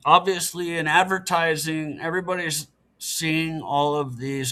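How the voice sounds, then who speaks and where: A man's voice: fairly high pitch, fairly even intonation, measured pace, bright, forceful tone. A middle-aged man, a podcast guest, talking casually and explaining things in an earnest, matter-of-fact way. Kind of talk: casual interview talk.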